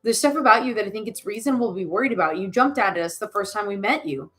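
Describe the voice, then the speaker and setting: A woman's voice: medium pitch, fast talker, a bit bright, breathy edge. A woman voicing a suspicious, blunt teenage girl in a game, accusing and hostile in tone.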